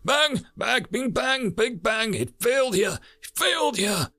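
A man voicing a stressed, anguished male character whose voice runs high and strained. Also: very animated, normal speed, vocal fry, fairly bright tone, no echo. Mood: frantic. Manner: high strained voice, frantic outbursts. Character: anguished, stressed man overwhelmed by cosmic vision.

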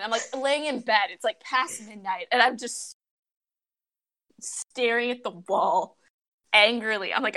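A young woman co-hosting a casual chat, telling stories in an animated, exasperated way and swearing freely. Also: a little high, measured pace, pauses often. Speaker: podcast co-host. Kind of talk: casual chat among friends about a mobile game.

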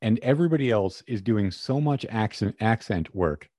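Male podcast host, low warm voice, dry close mic; musing conversational delivery. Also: lively intonation, moderate pace, dry recording. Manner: conversational, thinks out loud. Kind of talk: casual podcast chat.

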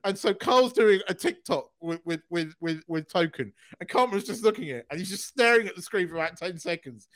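A man's voice: sits high, fairly quick, hardly any pauses, no room sound. A middle-aged man co-hosting a podcast, talking bluntly and swearing freely in casual chat. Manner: blunt, sweary, animated ranting. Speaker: podcast co-host.

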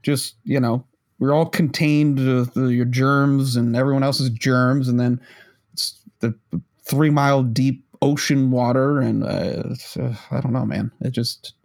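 A man's voice: mid-range voice, fairly even intonation, a little slow, creaky, darkish tone. A man in casual chat, rambling and self-mocking, with lots of fillers and swearing.

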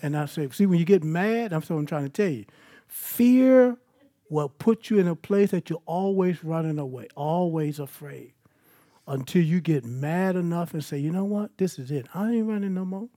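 A man's voice: a little high, moderate pace, dark tone. A man preaching a sermon at an evening church service, moving between scripture and personal stories in an emphatic, conversational way.

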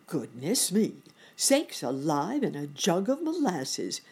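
A woman voicing a kindly, fussy old gentleman rabbit in a storybook reading. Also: low voice, big pitch swings, a little slow, husky, heavily acted.

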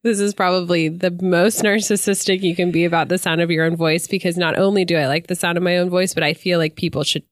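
A woman in her thirties with a stuffed-up, nasal voice from a cold, chatting casually as a podcast co-host. She sits low in her range and laughs easily between quick asides. The sound is dry and close. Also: fairly even intonation, no room sound. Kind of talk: casual chat.

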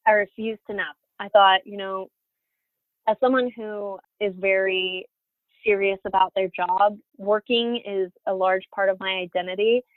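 A woman's voice: medium pitch, steady tone, a little slow, no room sound. Candid woman on a thin phone-like line. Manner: candid, with frequent fillers and restarts. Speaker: interview guest. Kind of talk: personal storytelling in an interview. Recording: dry, phone-like audio.

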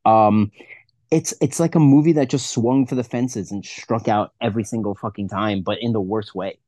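A man's voice: lowish voice, normal speed, mellow, dry recording. A man co-hosting a casual movie review podcast, ranting and swearing in a rambling way. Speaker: podcast co-host.

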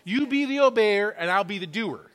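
At normal speed, a pastor with a high-pitched, animated and fairly bright voice preaches in a church sanctuary. His sermon is built around a testimony, with his points repeated for emphasis.

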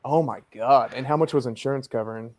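A man in casual podcast chat, chiming in with short reactions and follow-up questions. His voice has an ordinary middle pitch and an easy, conversational delivery. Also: fast talker, darkish tone. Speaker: podcast co-host.

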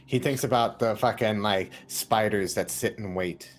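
A man's voice: fairly low pitch, moderate pace. A man playing a tabletop game, talking casually and rambling with many fillers and restarts. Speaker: player.

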